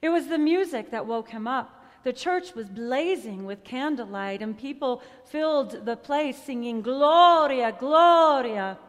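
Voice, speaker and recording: A woman telling a storybook tale in an expressive, soft-edged manner, closing with a prayer. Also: fairly high pitch, a little slow, few pauses, big-room sound. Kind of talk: storybook reading ending in prayer.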